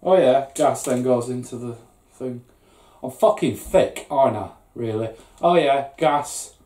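Guy rambling slow and sweary, self-mocking, mic a way off in a roomy shed. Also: medium pitch, mellow. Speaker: home brewer, channel host. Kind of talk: casual unboxing chat. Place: garden brew shed. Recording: echoey room, distant mic.

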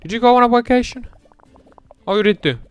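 A young man giving casual let's-play commentary, rambling between mumbled asides and loud excited outbursts. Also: very high-pitched, fast, clean tone, soft background music.

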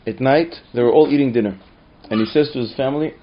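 A man teaching a class as a rabbi, telling stories and acting out whining children in high voices. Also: fast talker, a little hiss or hum. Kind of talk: storytelling lesson in English. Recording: dull lo-fi sound.

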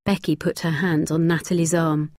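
A woman narrating a graded-reader story slowly, clearly and expressively. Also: low voice, flat delivery, darkish tone, no room sound, studio quality.

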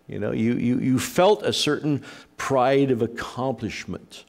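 A middle-aged pastor preaches a conversational sermon in a medium-pitched voice with vocal fry. He tells anecdotes haltingly, pausing often.

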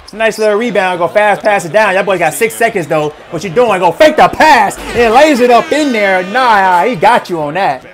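A young man giving casual, slang-heavy play-by-play reaction to basketball highlights, stammering, repeating himself and laughing as he hypes the plays. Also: lively intonation, moderate pace. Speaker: sports reaction host.

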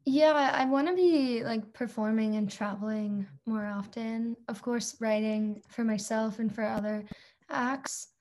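A woman's voice: a little high, measured pace, a little mellow. A young woman from Toronto, a singer-songwriter guest, chatting casually and laughing often in an interview.

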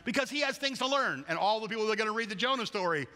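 A preacher voicing a calm, knowing God. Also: male voice, rapid-fire. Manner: calm, explanatory, slightly lower. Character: patient, knowing God speaking aside. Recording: long church hall reverb.

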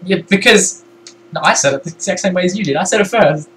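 A man's voice: high-pitched, quick pace. Giggly man live-streaming a game, noisy mic. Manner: giggly, teasing, excitable. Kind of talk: casual co-op game stream chat. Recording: noisy home recording.

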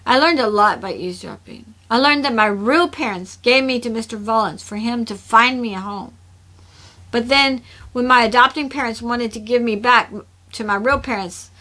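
A woman's voice: a little high, pushed and bright. A woman reading as Kirsha, a hurt defiant young woman. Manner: bitter and defensive.

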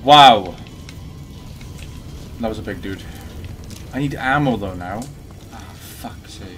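Swearing man shouting at a horror game. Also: on the low side, animated, takes it slowly, faint music behind. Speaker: gaming channel host.

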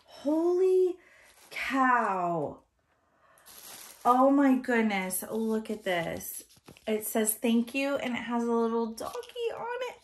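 A woman opens a gift box on her vlog, gushing and close to tears. She speaks slowly in a fairly high voice, sighing and laughing softly between words. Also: very animated. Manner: gushing, emotional, near tears. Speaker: reborn doll channel host. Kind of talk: casual box-opening vlog.

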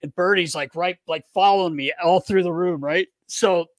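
A man hosting a podcast, telling a long, profane, animated story in a casual chat. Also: high-pitched, moderate pace, dry recording. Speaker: podcast host.

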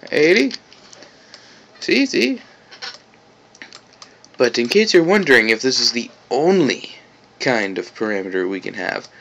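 A man hosting a casual screencast tutorial, rambling and correcting himself, with bursts of playful excitement. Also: medium pitch, a little hiss or hum. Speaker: software tutorial host.

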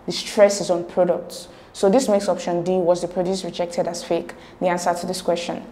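A woman tutor, patiently explaining exam questions step by step and sounding out words slowly. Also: lowish voice, flat delivery, warm tone.

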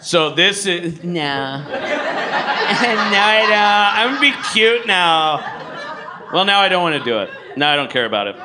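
A man doing live stand-up in a large comedy club, animated and loud, swearing and riffing with the audience. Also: high-pitched, measured pace. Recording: live club with crowd noise.

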